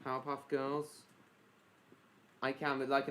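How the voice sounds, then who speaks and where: A man's voice: mid-range voice, normal speed, a bit bright. A man hosting a casual live stream, rambling and answering viewers by name mid-sentence, with lots of basically and reckon.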